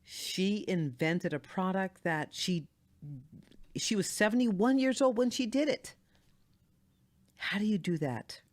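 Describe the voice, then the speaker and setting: A woman's voice: medium pitch, animated, slow pace, pauses often. A woman hosting a podcast, effusive and affectionate, laughing often. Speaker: podcast host. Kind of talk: casual podcast chat.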